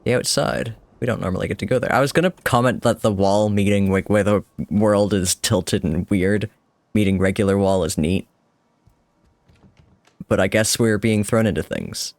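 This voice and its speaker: A man's voice: fairly low pitch, normal speed, gravelly, no echo. A man streaming a game with casual, chatty commentary, wry and self-deprecating, swearing now and then.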